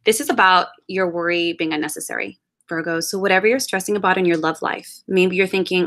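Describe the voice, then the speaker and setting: Bright-voiced woman giving reassuring tarot advice. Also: on the low side, steady tone, a little fast. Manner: earnest, reassuring, addresses listener directly; spiritual, encouraging advice-giving. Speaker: tarot card reader. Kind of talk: monthly love forecast by zodiac sign.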